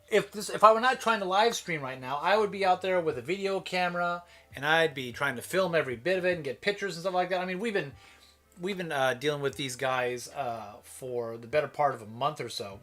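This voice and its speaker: A man's voice: a little high, a bit bright. A man from Minnesota hosting a live stream, chatting casually in a rambling way that keeps breaking off and restarting. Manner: rambling, self-interrupting, chatty.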